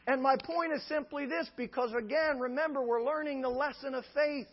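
High-voiced pastor preaching in a reverberant hall. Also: male voice, fairly even intonation, brisk. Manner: emphatic, repetitive preaching cadence. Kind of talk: sermon. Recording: dull lo-fi sound with long reverb.

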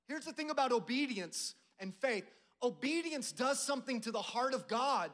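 A middle-aged male pastor preaches a sermon, prompting the congregation to respond and acting out a proud general's complaints. His very high-pitched, fairly bright voice has lively intonation and a moderate pace.

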